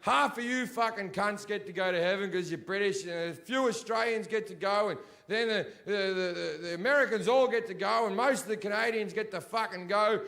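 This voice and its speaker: A man's voice: sits high, fairly quick, creaky, few pauses, pushed and bright, slight background noise. A male stand-up comedian doing a blunt, profane, sardonic set on a live stage. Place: live comedy venue before an audience.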